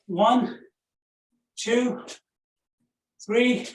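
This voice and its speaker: A man's voice: very high-pitched, steady tone, drawn-out words. A man from South Asia coaches a workout class, counting off reps and praising the effort between sets. He talks in a chatty way and keeps checking in with "right?" and "okay?". His voice carries a roomy echo and sounds set back from the microphone. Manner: counts reps aloud, encouraging, chatty with many "right?" tags. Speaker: fitness instructor. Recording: roomy echo, far from the mic.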